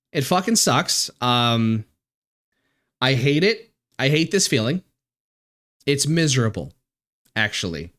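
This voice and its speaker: A man's voice: medium pitch, big pitch swings, a bit bright. Emotional man, close to tears. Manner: emotional, halting, many restarts and fillers, swears. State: near tears. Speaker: streamer. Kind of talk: casual live-stream chat.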